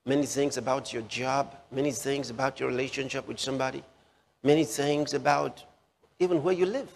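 A man preaching a sermon slowly, repeating key phrases for emphasis with drawn-out pauses. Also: mid-range voice, fairly even intonation, creaky. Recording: long hall reverb.

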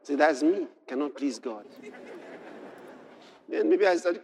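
High, lively male preacher. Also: takes it slowly, pauses often, background noise. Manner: animated storytelling, swings from hushed to shouted exclamations. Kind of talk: sermon.

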